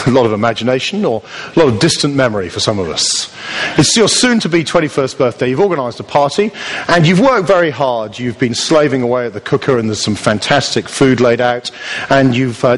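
Husky-voiced man preaching in a hall. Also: mid-range voice. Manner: conversational storytelling with playful asides. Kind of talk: sermon. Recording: long reverb of a church hall.

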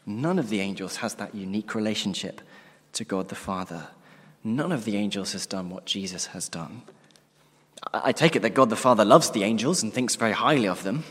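Deep-voiced preacher in a reverberant hall. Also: male voice, fairly bright tone, breathy edge. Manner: earnest, emphatic, drops to a near-whisper at ends of phrases. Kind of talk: sermon. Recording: long reverb of a large hall.

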